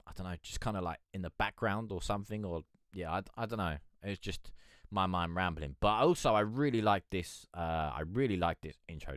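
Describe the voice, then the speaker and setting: A man talks off the cuff as he reviews music on a live stream. His voice is low but swings up and down a lot, and it sounds dry and close to the mic. He rambles, laughs easily and swears freely. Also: fairly bright tone, no echo. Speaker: music review livestream host. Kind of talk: casual live-stream chat.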